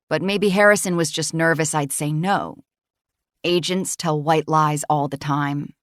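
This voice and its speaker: Low-voiced woman narrating an audiobook. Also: no room sound, clean studio sound. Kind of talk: first-person scripted audiobook narration.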